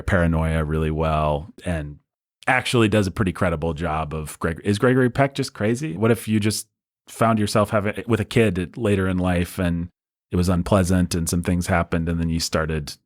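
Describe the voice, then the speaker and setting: A podcast host with a low-sitting voice recounts film history as a breezy, enthusiastic storyteller in a casual, conversational way. The sound is studio quality with no room sound.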